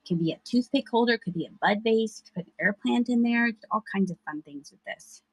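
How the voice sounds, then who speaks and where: A woman's voice: fairly high pitch, animated, brisk, breathy edge, no room sound, poor audio. A woman hosting a live thrift sale, chatting casually with viewers and laughing often. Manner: chatty, giggly, talks to chat viewers. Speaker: live-stream thrift seller. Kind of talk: casual live-selling chat.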